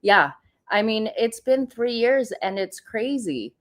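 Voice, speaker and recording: A woman's voice: on the high side, big pitch swings, slow pace. Chatty woman hosting a livestream. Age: 30s. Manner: chatty, rambling, greets chat viewers. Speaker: livestream host. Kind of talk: casual live-stream commentary.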